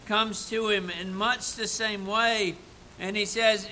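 A man preaching a sermon with earnest emphasis, rising for key points and dropping soft and reflective between them. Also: high voice, fairly even intonation, slow pace, slight background noise, low-quality recording.

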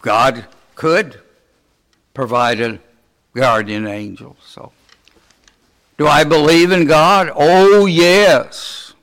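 A man preaching a sermon, asking his listeners many rhetorical questions in a slow, deliberate way. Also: mid-range voice, expressive, sharp tone.

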